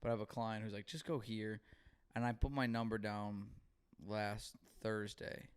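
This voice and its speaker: A man's voice: on the low side, flat delivery, moderate pace, clear, resonant tone. A young man co-hosting a podcast, telling stories in casual chat with lots of swearing and acted-out dialogue. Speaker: podcast co-host.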